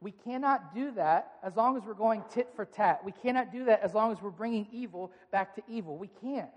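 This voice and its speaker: A man's voice: high voice, a little fast, highs cut off. A man preaching a sermon as pastor, speaking to his listeners in an earnest, direct way. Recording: long reverb of a large hall.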